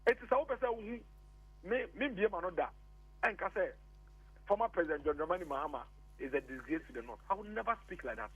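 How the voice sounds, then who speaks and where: A Ghanaian man argues politics over a phone line on a radio show, hammering the same points again and again. His voice sits high and comes through husky. The line is thin and phone-like, with a dry, close sound. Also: fast talker, long pauses, fairly bright tone. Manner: insistent, repeats points, mixes English and Twi. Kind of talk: heated political argument on a phone-in.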